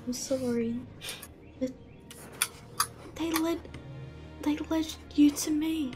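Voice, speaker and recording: A gentle, sorrowful sister long gone from home, as a woman puts her on. She speaks softly and pleadingly, her pitch a little raised, with faint music in the background. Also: slow pace. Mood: tender.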